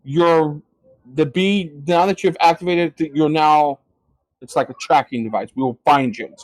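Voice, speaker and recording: A man voicing a brisk, commanding male ally in a tabletop game. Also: a little high, no room sound, close to an everyday voice, poor audio.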